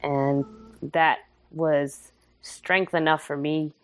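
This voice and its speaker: A woman's voice: low-pitched, fairly even intonation, very slow, dry recording. A young woman telling a candid, humorous and emotional personal story in casual podcast chat.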